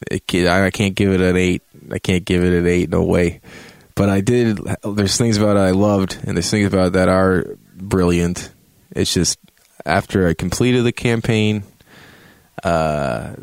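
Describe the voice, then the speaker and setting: A man with a very deep, gravelly voice rambles through a profane, joking game review. He speaks close to the mic in a dry, dead room. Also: no room sound. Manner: profane, joking, acts out reactions in a high yelp. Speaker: game reviewer, show host.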